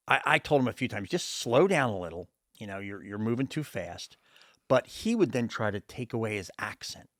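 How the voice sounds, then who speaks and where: A man hosting a podcast interview, chatting casually and telling animated stories with acted-out voices. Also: mid-range voice, dry recording, clean studio sound. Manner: animated storyteller, acts out voices in anecdotes. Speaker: podcast host.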